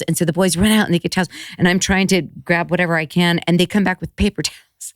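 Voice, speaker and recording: A middle-aged woman with a low voice tells a story in casual podcast chat. She bursts into high, lively voices for the people she quotes and swears without pause. The sound is close and dry. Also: no echo. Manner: animated, acts out quotes with big pitch jumps, swears freely. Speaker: podcast guest.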